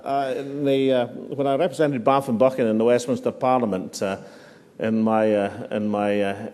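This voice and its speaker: A man's voice: medium pitch, darkish tone. A middle-aged Scottish man giving an after-dinner speech to a hotel audience, with dry humour and frequent "uh" hesitations. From Scotland. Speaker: political speaker at a dinner. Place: hotel function room. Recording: long hall reverb.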